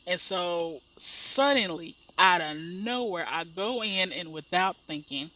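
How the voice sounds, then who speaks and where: A woman's voice: fairly low pitch, lively intonation, slow pace, bright, forceful tone, low-quality recording. A woman from the Midwest chatting in a rambling way while she narrates her life-sim gameplay, acting out the people in her stories. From American Midwest. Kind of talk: casual chat while playing a life-sim game.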